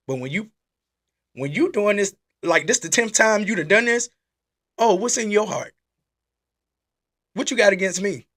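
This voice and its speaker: An animated man hosts a casual church-style talk. His voice sits a little high. He asks the same questions again and again. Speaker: host. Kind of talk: casual preaching live stream.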